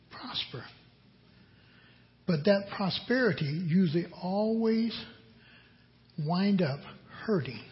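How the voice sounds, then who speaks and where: An older man preaching a sermon as pastor, slow and emphatic, repeating his key lines. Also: sits high, expressive. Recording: dull lo-fi audio.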